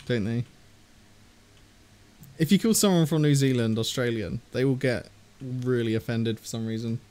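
A man's voice: mid-range voice, normal speed, a little mellow. A young man from England chatting casually while streaming a game, laughing often and reading viewer messages aloud. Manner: giggly, rambling, reads viewer messages aloud. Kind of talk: casual gaming chat.

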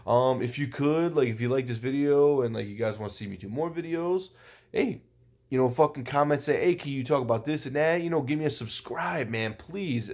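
A young man talks through a football game he just watched in a loose, casual vlog. He rambles, stacks up fillers and swears freely, with bursts of excitement. His voice sits at an ordinary middle pitch. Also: moderate pace. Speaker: sports fan vlogger.

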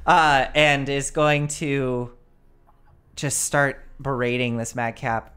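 A woman's voice: extremely low pitch, flat delivery, takes it slowly, a bit bright, smooth. A woman narrating as the game master of a tabletop role-play stream, giggly and rambling with fillers, on a desk mic.

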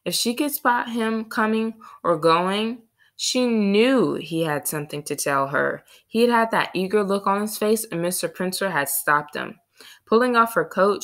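A woman narrating a children's novel in a steady storytelling read. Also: lowish voice, moderate pace. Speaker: audiobook reader. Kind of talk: scripted narration.

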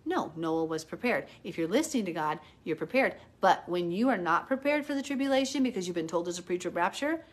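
A woman's voice: fairly low pitch, expressive, brisk, few pauses. A middle-aged woman giving a live Bible teaching, talking in a hyper, chatty way full of "like" and turning earnest and emotional as she tells her story. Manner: earnest and emotional when retelling prayer.

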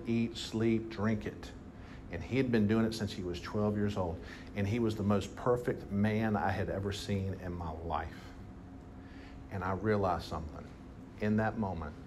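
A man preaching a sermon to a congregation, telling a story with animated emphasis. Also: fairly low pitch, slight background noise. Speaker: pastor. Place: church hall with congregation.

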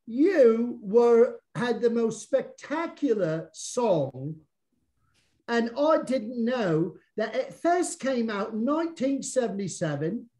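A man's voice: very high voice, expressive, slow, mellow. A man hosting a casual interview, bantering in a put-on Cockney accent. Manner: jokey, bantering. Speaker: podcast host.

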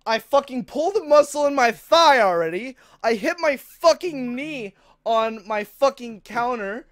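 A woman's voice: fairly high pitch, lively intonation, measured pace, no room sound, studio quality. A young woman streaming a horror game, shrieking in fright, swearing heavily and laughing nervously.

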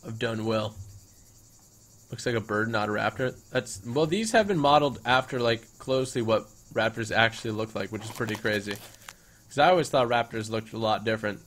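A young man gives playful, hammy commentary over his game in an ordinary mid-pitched voice. He jokes with the creatures on screen in mock-grand lines. Now and then he breaks into loud excited shouts. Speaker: gaming YouTuber. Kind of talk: let's-play commentary.

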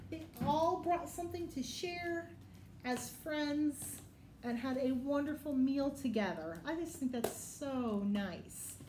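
Librarian for kids' story time: young woman, high bright pitch, slow and expressive, in an echoey room. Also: noisy background. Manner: animated and warm, asks children to join in. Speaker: children's librarian. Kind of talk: children's story time reading.

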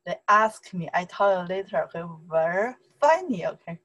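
A woman from China with a Chinese accent, teaching a casual online lesson in chatty broken English and repeating words slowly for learners. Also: fairly low pitch, animated, fairly bright tone, muffled recording.

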